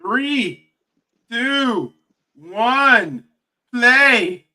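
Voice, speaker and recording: A man in his early thirties hosts a casual watch-along with friends, cracking jokes and counting everyone in. His tone is bright and clear, and his pitch rises and falls in a lively way. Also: very slow, rough recording. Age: early 30s. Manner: joking, leads the group. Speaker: podcast host.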